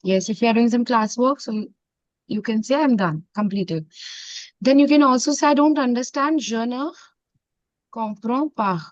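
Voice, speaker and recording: A woman with an Indian accent teaching a French class, mixing in Hindi and repeating phrases slowly. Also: a little high, no echo. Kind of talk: online classroom lesson. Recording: dull, dry lo-fi sound.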